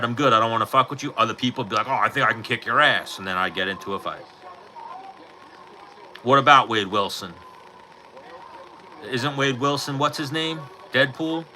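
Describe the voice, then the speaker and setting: A middle-aged man hosting a casual livestream chat, telling fight stories in an animated way, swearing freely and acting out what people said, into his own mic. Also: medium pitch, moderate pace, long pauses, a little hiss or hum, poor audio. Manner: animated storytelling, swears freely, acts out quotes. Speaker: livestream host. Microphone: personal mic.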